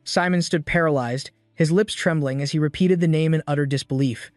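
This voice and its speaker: A man narrating a scripted story recap with a steady storytelling delivery. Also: on the high side, a little fast, dry recording, clean studio sound, faint music behind.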